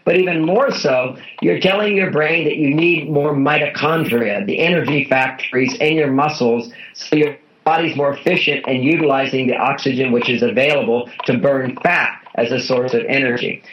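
A man's voice: mid-range voice, normal speed. A man being interviewed as a guest author, explaining things in an earnest, instructive way and repeating his key points. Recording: dull lo-fi audio.

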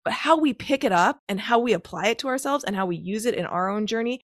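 A woman's voice: medium pitch, expressive, quick pace, no echo, clean studio sound. A woman coach in her thirties, a guest on a podcast interview, explaining things step by step with examples and analogies. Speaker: guest, macro-counting coach.

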